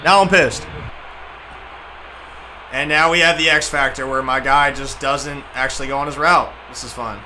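A young man giving excitable, trash-talking commentary over a football video game he is playing. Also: medium pitch, fairly quick, hardly any pauses, slight background noise. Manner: excitable, trash-talking, shouts at big plays. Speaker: gaming YouTuber. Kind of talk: gameplay commentary.

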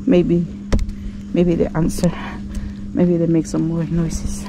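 A woman's voice: lowish voice, vocal fry, background noise. A woman travel vlogger giving nervous running commentary to viewers outdoors on a ruin while climbing, recorded on an action camera, with many exclamations. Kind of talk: handheld travel vlog commentary.

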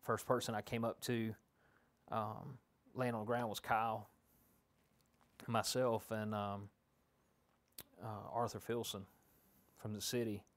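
A man's voice: on the low side, level tone, takes it slowly, long pauses. A man, a law enforcement officer, giving a detailed, rambling account with fillers in a documentary interview.

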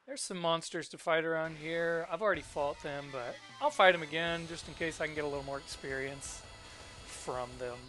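A man in a gameplay video, chatting casually and joking as he plays and reads the game's text aloud. His voice sits a little high, with a bright, forceful tone. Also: moderate pace, faint music behind. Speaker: let's play host.

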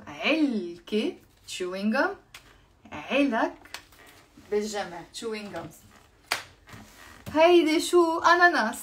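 Lebanese woman, online Arabic teacher, slightly high voice, switches languages, slows to model words. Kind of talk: live online language lesson.

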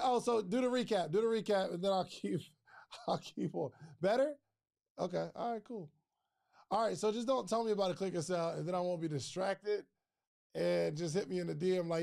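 Man, high voice, gravelly, excitable, casual livestream host, repeats himself. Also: normal speed. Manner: excitable, repeats phrases, chatty with viewers. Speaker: podcast host giving advice.

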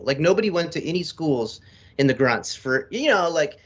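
A man's voice: on the high side, animated, a little fast, fairly bright tone. Laid-back swearing man, dull audio. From United States. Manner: profane, rambling, laid-back storyteller. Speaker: podcast guest, military veteran. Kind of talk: casual storytelling in an interview.

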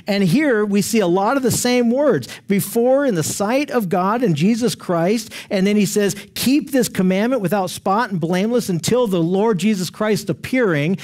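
Earnest high-voiced man teaching scripture. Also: darkish tone. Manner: earnest and emphatic, reading scripture aloud and stressing key words. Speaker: Bible study teacher. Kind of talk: expository Bible teaching.

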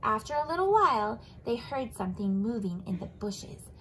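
Animated woman reading to children. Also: a little high, normal speed, slight background noise, rough recording. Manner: animated, explaining to kids. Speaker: teacher. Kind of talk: reading a picture book aloud to children.

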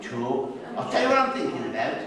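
A man's voice: medium pitch, big pitch swings, brisk. A man, a local historian telling humorous, folksy stories to an audience and teasing them with questions. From Staffordshire, England. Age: 90s. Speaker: local historian giving a talk. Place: hall with a live audience. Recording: echoey hall, far from mic, crowd noise.

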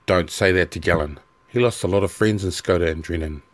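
A man voicing a tired, even-tempered stocky soldier in an audiobook. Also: sits low, brisk. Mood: weary. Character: weary, loyal male soldier, stocky.

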